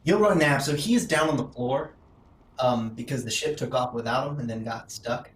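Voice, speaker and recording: A man's voice: medium pitch, normal speed, roomy sound, low-quality recording. Man narrating as game master. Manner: descriptive, with sound effects and hesitations.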